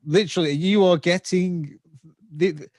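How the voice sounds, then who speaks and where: A male podcast host, his voice a little higher than most men's. He is recorded close and dry, with no room sound. He talks eagerly and trips over repeated words as he asks his questions. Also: fairly even intonation, moderate pace, a little mellow, dry recording. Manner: enthusiastic, repeats words as he searches for them. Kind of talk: interview conversation.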